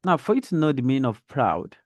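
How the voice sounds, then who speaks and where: A man teaching a reading lesson, speaking deliberately and modelling intonation as he reads a children's story aloud. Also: medium pitch, big pitch swings, no echo, clean studio sound. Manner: slow, deliberate, demonstrates intonation.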